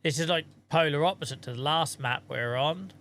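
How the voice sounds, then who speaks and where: A man's voice: fairly high pitch, fairly quick, a bit bright. A man chatting casually on a live stream while he plays a game, thanking viewers and muttering asides to himself.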